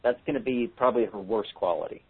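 This fairly low, slightly rough male voice moves fast while running a handwriting analysis seminar that takes calls. He explains things in a chatty manner, tossing in jokes, and the audio has a tinny phone-line quality.

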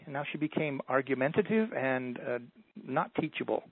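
A man telling stories as a motivational speaker in a radio interview, in a folksy, animated way. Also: medium pitch, moderate pace, dry recording. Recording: dry, tinny phone line.

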